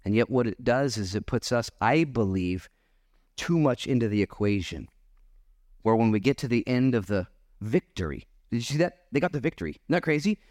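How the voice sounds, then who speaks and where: A man preaching a sermon at his church, animated and acting out bits of dialogue. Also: medium pitch, normal speed, dry recording, studio quality. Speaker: pastor.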